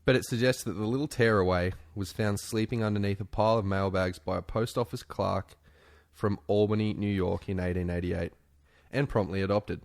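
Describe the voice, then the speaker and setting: A man co-hosts a podcast in easy, joking chat. His voice sits a little low, and he breaks into laughter often. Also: steady tone, brisk, creaky, a little mellow. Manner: jokey, laughs often, drops into silly voices. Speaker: podcast co-host. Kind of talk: casual chat.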